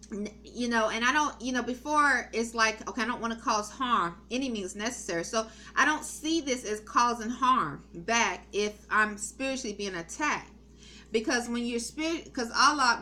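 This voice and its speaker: A woman's voice: fairly high pitch, sharp tone, slight background noise. Earnest rambling middle-aged woman. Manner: meandering, many ums and restarts; earnest, spiritual talk. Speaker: woman giving a spiritual testimony. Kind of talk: rambling spoken testimony.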